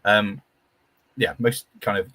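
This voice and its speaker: A man's voice: fairly low pitch, flat delivery, takes it slowly, bright, forceful tone, no echo. A young man chatting casually as a guest on a live stream, with lots of stumbling restarts and enthusiasm.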